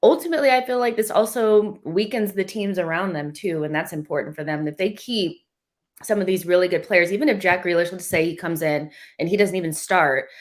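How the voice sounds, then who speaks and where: A woman's voice: lowish voice, fairly quick. A woman in a casual football chat, thinking aloud in a chatty way with many fillers.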